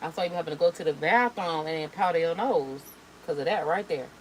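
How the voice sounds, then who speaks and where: A young adult woman hosting a reaction video, chatting casually in a sassy, animated way while doing her makeup. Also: low voice, brisk, slight background noise, rough recording. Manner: sassy, animated, slangy and expressive.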